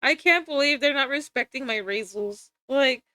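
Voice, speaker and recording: A young woman streams and chats away in a high, sharp voice, giggling and rambling between topics. Her voice sits close and dry on the mic, with no room around it. She flares up into excited squeals without warning. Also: normal speed, clear, resonant tone, no room sound. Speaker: livestreamer. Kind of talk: casual stream chat.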